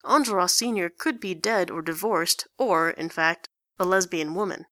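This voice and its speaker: A woman reads a story aloud in a wry, dry manner. Her voice sits a little low but sounds bright and forward. The recording is dry and close to the mic. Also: moderate pace, no room sound. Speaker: story reader. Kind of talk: reading fan fiction aloud.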